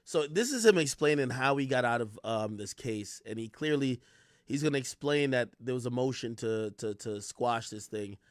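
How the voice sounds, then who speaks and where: A man's voice: mid-range voice, lively intonation, normal speed, no room sound, studio quality. A man giving casual live-stream commentary on clips, rambling and restarting, his voice fading off the mic while he looks for things.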